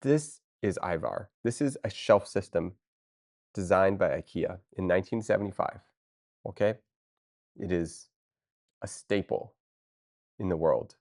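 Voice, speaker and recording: A woman chatting casually with her viewers on a live stream, excitable and playful, talking straight to chat. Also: rumbling low, unhurried, pauses often. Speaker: livestreamer.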